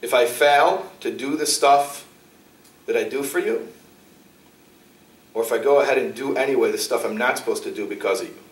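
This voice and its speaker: A man giving a talk as a rabbi, telling stories with animated acted-out dialogue. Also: moderate pace, pauses often. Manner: animated, acts out dialogue with shifting pitch. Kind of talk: lively storytelling lecture. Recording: roomy, distant mic in a hall.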